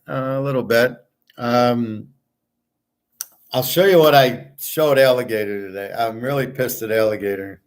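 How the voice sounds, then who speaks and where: Brief: male show host, middle pitch, venting and swearing in a casual monologue. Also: a little slow. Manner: profane, fed-up, reads his own comments aloud. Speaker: sports betting and gold commentary host.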